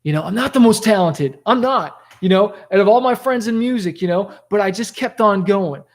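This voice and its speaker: High-voiced man giving an animated pep talk. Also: fairly quick. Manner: animated, conversational, peppered with "like" and "okay?". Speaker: rap rock musician giving motivational talk. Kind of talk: motivational storytelling to camera.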